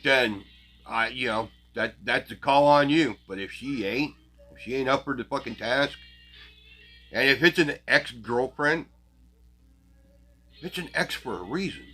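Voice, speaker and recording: A man's voice: mid-range voice, lively intonation, measured pace, pauses often, bright, forceful tone, soft background music. A man hosting his own show, ranting bluntly and crassly at his viewers with heavy profanity and scornful laughs. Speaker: channel host. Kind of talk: profane casual rant to viewers.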